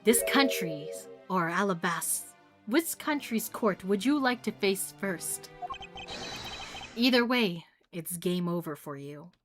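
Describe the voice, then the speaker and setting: A woman reading a confident male prosecutor's accusations from a game in her own voice, measured and pointed. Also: mid-range voice, expressive, over music. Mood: accusing.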